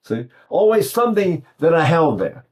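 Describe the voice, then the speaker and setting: A man's voice: a little high, very animated, normal speed, darkish tone. An older man from East Texas, teaching singing in a rambling, folksy way with many restarts. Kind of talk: singing lesson with sung demonstrations.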